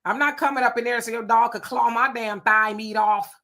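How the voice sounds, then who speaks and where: Bright casual woman livestream host. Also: on the high side, steady tone, brisk. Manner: laughing, playful, reads viewer comments aloud. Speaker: livestream co-host reading chat. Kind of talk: casual chat.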